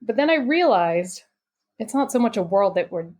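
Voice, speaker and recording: Woman guest, mid-pitched, animated storyteller, chatty filler-heavy podcast talk. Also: normal speed. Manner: animated, chatty, full of "like" and "you know". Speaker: podcast guest, intuitive coach. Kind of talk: personal storytelling in a podcast interview.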